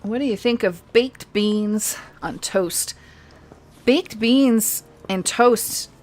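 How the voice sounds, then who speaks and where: A woman's voice: mid-range voice, drawn-out words, a little mellow. A woman streaming a game live, chatting casually and rambling, laughing often. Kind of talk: casual chat over gameplay.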